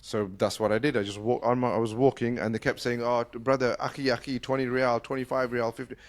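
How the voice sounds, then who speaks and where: A middle-aged man from the UK, hosting a casual conversation and telling a story fast, with lots of restarts. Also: mid-range voice, little pitch movement. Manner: fast-talking, full of restarts. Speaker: podcast host.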